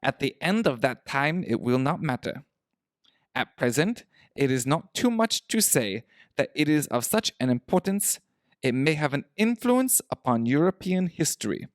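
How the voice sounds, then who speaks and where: A man's voice: fairly high pitch, sing-song, normal speed, no room sound. Man voicing a proud masked nobleman, formal, stiff, guarded, storybook reading, dry sound.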